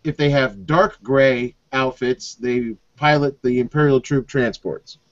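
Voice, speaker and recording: A man co-hosting a casual review chat, animated and chatty, heard over a muffled online call. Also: medium pitch, a little slow, no room sound. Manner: animated, chatty, leans on "like" and "kind of". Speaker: show co-host.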